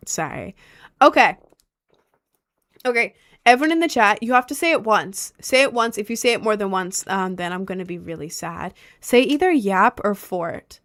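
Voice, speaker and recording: Young woman, livestreamer, casual slangy chatter, reads and answers chat, average pitch. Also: lively intonation, a bit bright. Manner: chatty and slangy, quick reactions, many fillers.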